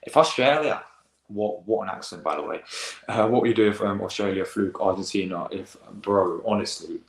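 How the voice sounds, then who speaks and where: A teenage lad hosting a live football reaction stream, rambling in excitable, slang-heavy casual chat. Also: male voice, deep voice, brisk, reverberant, poor audio. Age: teens.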